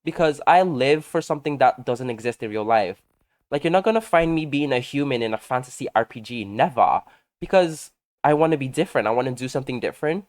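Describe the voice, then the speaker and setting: A man chats over his gameplay like he's spilling tea to a close friend. His voice is lively, with a pitch that leaps and dips through every story. He sounds sassy and gossipy, and he laughs easily. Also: a little fast. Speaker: game content creator.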